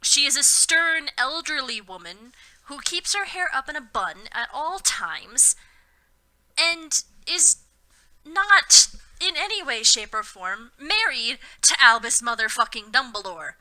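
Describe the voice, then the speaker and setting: A young woman from Florida, a podcast co-host doing a sarcastic, animated comedic reading of fanfiction with banter. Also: high voice, a little slow. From Florida, USA.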